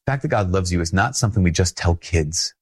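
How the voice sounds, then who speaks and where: Husky-voiced priest preaching conversationally. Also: male voice, low-pitched, animated, fast talker. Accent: Minnesotan. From Minnesota. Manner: earnest, conversational, repeats phrases and laughs softly. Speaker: Catholic priest. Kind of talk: sermon.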